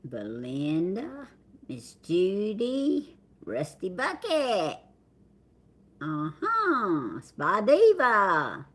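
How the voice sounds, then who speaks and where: Her voice is medium-pitched and fairly bright with a breathy edge, moving through huge pitch swings at a very slow pace. She's a middle-aged Southern US woman hosting a livestream, casually greeting viewers and reading their names in a drawl.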